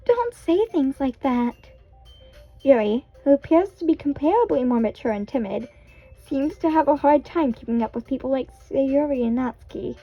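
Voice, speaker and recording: High-pitched young woman reading a visual novel out loud, chatty and a bit awkward, kinda muffled mic. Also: lively intonation, fairly quick, faint music behind. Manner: chatty, self-conscious, giggly asides. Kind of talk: casual let's-play narration with character voices.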